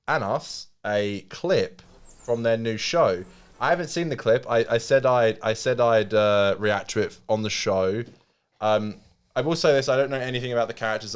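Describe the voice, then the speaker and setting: A young man with an English accent, co-hosting a podcast and chatting casually in lively, animated bursts. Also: fairly low pitch, clear, resonant tone. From England. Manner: animated storyteller, quotes people in bursts. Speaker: podcast co-host. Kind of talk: casual chat.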